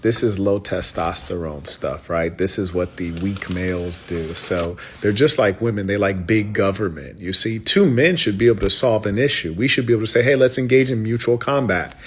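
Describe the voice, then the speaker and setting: Lower-voiced man lecturing in a rant. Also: moderate pace, few pauses, fairly bright tone, husky. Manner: lecturing, mocking quotes. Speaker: commentator. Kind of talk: ranting commentary.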